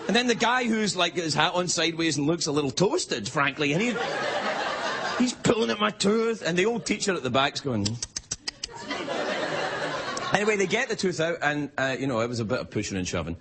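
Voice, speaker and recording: A man's voice: on the high side, sing-song, fairly quick, long pauses, heavy background noise. A man with a Scottish accent, hosting a late-night show and telling a comic monologue, slipping into playful voices for the people he quotes. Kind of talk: stand-up monologue. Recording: studio with loud audience laughter. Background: live studio audience laughing.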